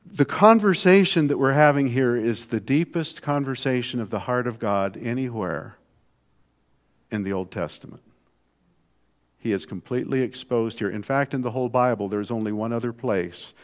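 Male preacher, mid-pitched voice, casual sermon delivery, drops to quiet asides then builds to emphatic peaks. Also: normal speed. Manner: conversational, swinging from soft to emphatic.

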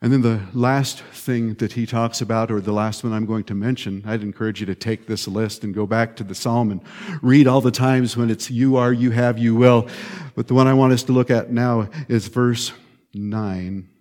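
A male pastor preaching a sermon in an animated, emphatic way, swinging between loud stresses and hushed lines and repeating short phrases. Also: mid-range voice, moderate pace.

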